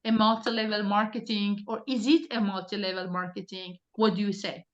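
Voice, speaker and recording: A woman's voice: medium pitch, flat delivery, fairly quick, lo-fi sound. A woman team leader coaching her recruiters on a group video call, talking directly and insistently with many restarts.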